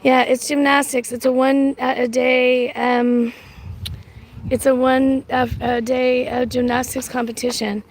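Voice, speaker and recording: A woman live-streaming from outdoors, chatting casually to her viewers in a rambling, halting way. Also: high-pitched, little pitch movement, gravelly, poor audio. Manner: rambling and halting, full of restarts. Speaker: livestreamer. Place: outdoors on a windy street. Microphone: phone livestream, audio only. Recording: loud wind and street noise.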